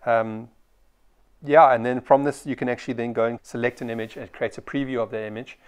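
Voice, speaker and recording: A man's voice: medium pitch, steady tone, brisk, clear, resonant tone. A man from South Africa, a photographer, talking through a product review in a casual way with frequent ums and restarts.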